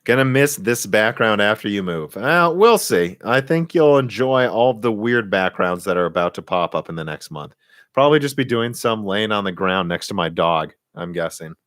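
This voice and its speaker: Fairly low in pitch, expressive and fairly bright, this young Minnesotan's voice comes through as a dry, studio-quality recording. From a home room he casually takes viewer questions on a live stream, opinionated and bursty, restarting and laughing, with a Midwestern accent of the Minnesota, Michigan and central Illinois sort.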